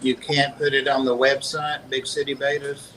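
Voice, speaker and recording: Flat-voiced man, low-key co-host. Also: normal speed, a little hiss or hum, low-quality recording. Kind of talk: casual chat.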